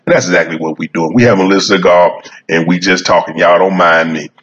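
A man's voice: low voice, steady tone, quick pace, a bit bright, dull audio. A man vlogging about cigars, rambling in a folksy, repetitive way and chuckling as he talks straight to his viewers while he smokes outdoors. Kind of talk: casual rambling monologue. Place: sitting outdoors smoking a cigar.

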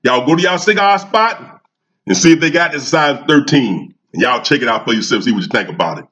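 A man's voice: medium pitch, animated, fairly quick, fairly bright tone. A man, a cigar vlogger talking in a fired-up casual monologue, repeating himself and asking his audience questions.

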